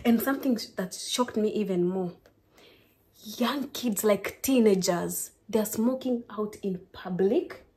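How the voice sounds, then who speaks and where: A young Kenyan woman with a Kenyan accent, chatting to her viewers in a lively, casual vlog. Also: mid-range voice, measured pace. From Kenya, Kisii. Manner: lively, keeps addressing viewers as guys. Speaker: vlogger.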